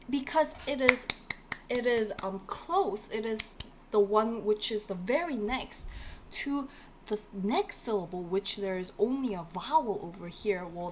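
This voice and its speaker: A Korean language teacher with a medium-pitched voice runs a live-streamed class, drilling each word repeatedly. She speaks animatedly and chats with her viewers, with a faint hiss under her voice.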